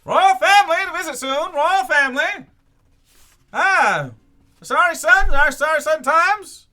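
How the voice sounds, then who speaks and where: A little newsboy in a tabletop game, belting out headlines in a high, piercing voice that swings widely. The calls come loud and brassy, pitched far above a grown man's speech, like a street hawker working a crowd. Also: expressive, measured pace, full character voice. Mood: hawking. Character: young boy newspaper seller shouting headlines.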